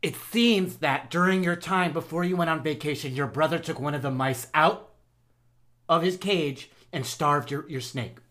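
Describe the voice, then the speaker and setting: A man's voice: a little high, normal speed, a bit bright. A man playing a comedic psychic medium on a podcast, speaking in a mock-solemn, theatrical way when he channels spirits. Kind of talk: improvised comedy sketch.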